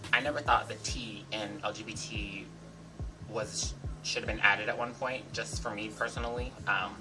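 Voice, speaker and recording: A man's voice: medium pitch, low-quality recording. A young American man with a faint English lilt that slips in and out, ranting casually in a chatty, sassy way. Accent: American with a slight fading English lilt. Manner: chatty, sassy, with many "like"s and "you know"s. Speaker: regular member of a group vlog channel. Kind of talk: casual rant vlog.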